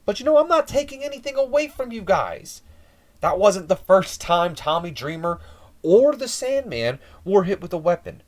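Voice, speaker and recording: Dude doing a flustered wrestling gm, higher voice, whiny and defensive. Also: male voice, big pitch swings, moderate pace. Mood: exasperated. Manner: pleading, self-justifying. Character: exasperated male wrestling general manager, defensive. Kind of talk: mock wrestling promo.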